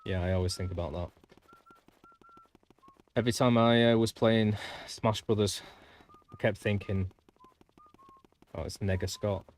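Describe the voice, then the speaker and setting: A man's voice: fairly low pitch, fairly even intonation, unhurried, pauses often, darkish tone. A man chatting casually with viewers while streaming a game, rambling from topic to topic with mild swearing. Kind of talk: casual gameplay commentary.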